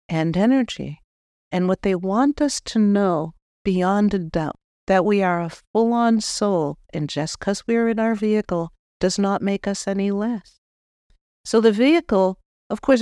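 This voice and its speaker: A woman spiritual medium leads a guided spiritual talk, speaking gently and directly to the listener. Her voice is smooth and clean. The recording is dry and close. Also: mid-range voice, no echo. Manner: gentle, addresses the listener directly with soft instructions.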